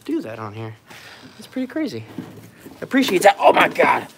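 A man's voice: on the high side, wildly swooping pitch, normal speed, vocal fry, slight background noise. Loose, swearing man streaming live with his pets. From United States. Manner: loose, swearing, talks to animals and chat. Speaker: pet keeper streaming live. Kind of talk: casual live stream chat. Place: home and backyard, in and out of doors.

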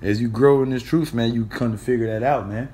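A man's voice: medium pitch, fairly even intonation, mellow, slight background noise. A man giving an informal sermon, talking in loose street slang with swearing, hesitating a lot and tagging many phrases with "man" and "all right?". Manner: blunt street slang with profanity; halting, frequent "uh" and repeated words. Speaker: preacher.

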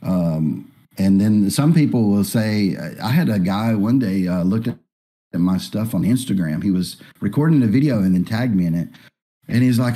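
A man from Alabama, talking in a relaxed, rambling way with many fillers as a guest artist in a live Q&A. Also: on the low side, brisk, breathy edge. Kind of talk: casual live Q&A.

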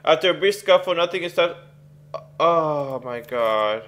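Excitable young man narrating gameplay. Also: on the high side, a little slow. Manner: excitable, reads game text aloud, groans and exclaims. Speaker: let's play gamer. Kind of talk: casual gameplay commentary.

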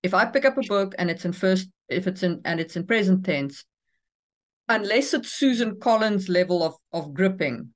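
A woman's voice: mid-range voice, expressive, normal speed. Chatty, frank woman co-host. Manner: chatty, frank, laughs between points. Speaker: podcast co-host, author. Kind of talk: casual chat on writing craft.

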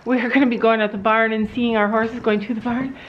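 A woman's voice: on the high side, fairly even intonation, quick pace, dull audio, slight background noise. A woman vlogging from a horse barn in casual family chat, chatty and often laughing.

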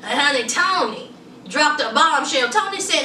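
Sassy high-voiced woman reviewing reality TV. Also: animated, moderate pace, pushed and bright, slight background noise. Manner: sassy, chatty, calls viewers honey and child. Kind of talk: casual review commentary. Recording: roomy echo, distant from mic.

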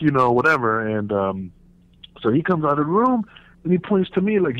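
A man, a podcast guest telling a profane, animated story and acting out the voices in it. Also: medium pitch, brisk, no echo. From New York. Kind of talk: casual storytelling. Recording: slightly muffled podcast audio.

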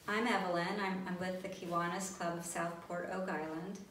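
A woman reading a children's storybook aloud in a gentle, friendly way, as a club member. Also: fairly low pitch, level tone, moderate pace. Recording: roomy, distant, faint background noise.

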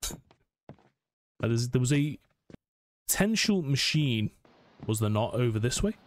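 A man's voice: medium pitch, big pitch swings, measured pace. A man commentating a horror let's play, nervously narrating his every move to himself. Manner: jumpy, self-narrating, talking himself through scares. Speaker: gaming channel host.

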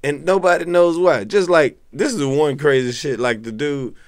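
A young adult man, a comedian co-hosting a podcast, trades casual banter and launches into profane, preachy rants that leap into high yelps. He talks at a moderate pace, and the studio sound is clean with no echo.

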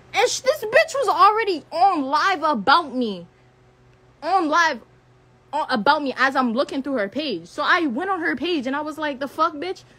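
A woman's voice: high voice, fairly bright tone. An 18-year-old woman ranting angrily on a live stream. She swears constantly, repeats herself, and stumbles over her words when upset. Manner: heated, profane, repeats phrases, stutters when upset. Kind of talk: angry rant on a live stream.

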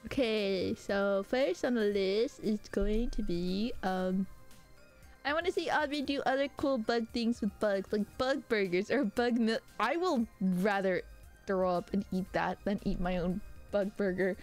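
A woman streaming live who chats casually with her viewers, animated and prone to high squealing outbursts and laughter. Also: unhurried, faint music behind.

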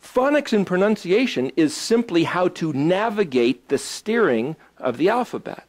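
Man, slightly higher voice, casual teacher thinking aloud and quizzing the group. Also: sing-song, moderate pace. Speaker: Hebrew study teacher. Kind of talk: informal teaching to a small group.

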